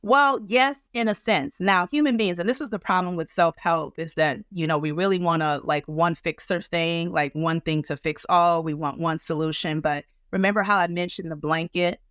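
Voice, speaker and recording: A woman counselor speaking in a conversational interview, animated and acting out other people's reactions as she explains. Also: lowish voice, moderate pace, few pauses, smooth, no echo. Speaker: guest counselor.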